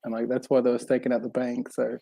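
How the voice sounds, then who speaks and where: A man with a mellow, gravelly voice talks through a film theory. He hesitates and repeats words as he thinks. His tone is relaxed and conversational. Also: mid-range voice, quick pace. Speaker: film podcast co-host. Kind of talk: casual film discussion.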